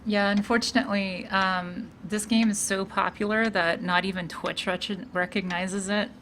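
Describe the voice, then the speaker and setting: A young woman streaming a game with bored, deadpan, sarcastic commentary and muttered asides. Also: medium pitch, moderate pace, a little hiss or hum. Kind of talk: sarcastic let's-play commentary. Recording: game music behind the voice.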